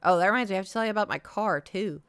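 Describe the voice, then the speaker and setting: A woman's voice: mid-range voice, very fast, fairly bright tone, clean tone, no room sound. A woman streamer telling a long casual story to her chat, rambling with lots of fillers and acting out what others said. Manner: rambling, lots of "like" and "um", acts out quoted voices.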